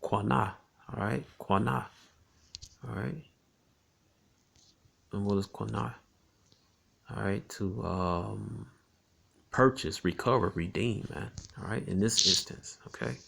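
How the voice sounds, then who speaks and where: Low gravelly man teaching scripture. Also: fairly bright tone. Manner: conversational, tags lines with "man" and "all right"; reads scripture slowly and deliberately. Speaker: Bible teacher.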